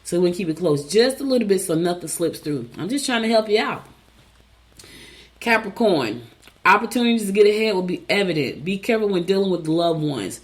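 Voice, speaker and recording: A woman's voice: fairly low pitch, fairly quick. Chatty woman radio host reading horoscopes. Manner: animated, chatty, storytelling asides.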